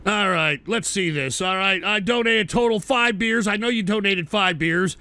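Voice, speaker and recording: A man's voice: sits high, pushed and bright. A man hosting a livestream who reacts to viewer clips with crude, exasperated, profanity-heavy commentary. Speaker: livestream talk show host. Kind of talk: crude casual stream commentary.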